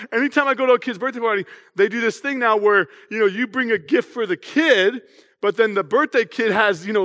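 A man's voice: high voice, fairly bright tone, big-room sound. A young man preaching a sermon as a pastor in a church, in a casual, chatty way, often asking the congregation to respond.

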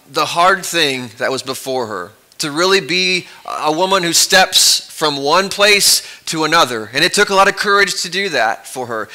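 Bright-voiced male pastor preaching. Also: on the high side, rough recording. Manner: conversational, with fillers and restarts. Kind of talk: sermon. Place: church sanctuary.

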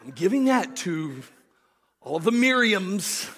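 A man preaching a sermon, animated, swinging from shouted storytelling to hushed joking asides with his congregation. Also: high voice, measured pace. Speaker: pastor.

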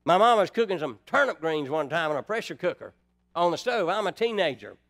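A man's voice: on the high side, big pitch swings, brisk, gravelly, a bit bright. A man preaching a sermon in a folksy way, putting rhetorical questions to the congregation.

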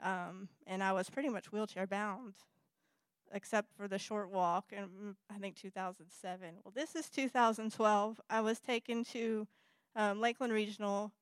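A woman tells her personal story to an audience, stopping and correcting herself as she goes. Her voice is smooth and clear at a middle pitch. The sound is dry and close. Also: steady tone, no room sound. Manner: earnest, halting, self-correcting, apologetic. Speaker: speaker sharing personal testimony. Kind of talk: personal testimony talk. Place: presentation with slides in front of an audience.

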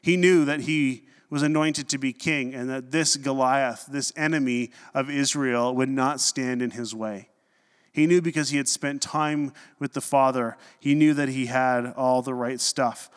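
A man preaching a sermon as pastor in a conversational, animated way, with humorous asides. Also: mid-range voice, a little slow, clear, resonant tone, big-room sound.

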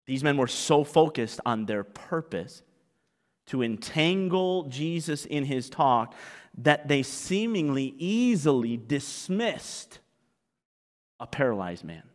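Man, pastor, sermon, fairly high voice, lively acted-out preaching, long hall reverb. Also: takes it slowly. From Canada. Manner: animated preaching, acting out voices, swinging from quiet asides to loud exclamations.

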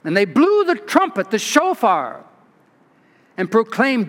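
A man from California, a pastor giving an expressive storytelling sermon with restarts and asides. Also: very high voice, slow. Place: large church. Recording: long church reverb.

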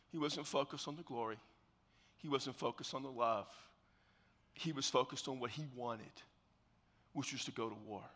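A man preaching a sermon as pastor, telling a biblical story with animated, acted-out scenes and dropping to hushed tones for solemn points. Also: mid-range voice, big-room sound.

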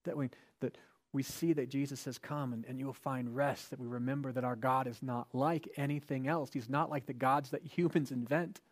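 A man's voice: medium pitch, fairly even intonation, normal speed. A male pastor giving a sermon in a conversational way, with rhetorical questions and emphatic repetition.

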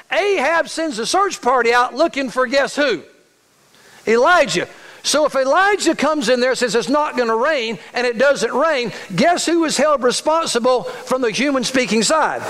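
A man's voice: very high-pitched, expressive, a little slow, fairly bright tone, long reverb tail, rough recording. A man preaching a sermon with emphatic repetition, often checking in with his congregation by asking if they are following. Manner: emphatic preacher, repeats phrases, asks the congregation questions. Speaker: pastor. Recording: faint hiss.

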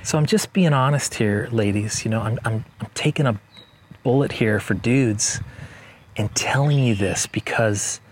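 A man preaching a sermon as pastor, conversational and joking, slowing down to stress key points. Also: lowish voice, slight background noise. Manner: conversational and joking, slows down for emphasis. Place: church service.

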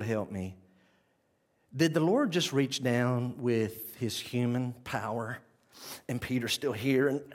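A man preaching a sermon, talking straight to the congregation and swinging between loud emphasis and quiet intensity. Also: medium pitch. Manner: conversational, addresses the congregation directly.

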